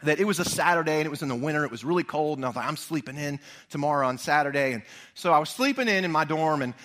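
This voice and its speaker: A man preaching a sermon, an animated storyteller who speaks straight to his congregation. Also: a little high, rapid-fire. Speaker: pastor.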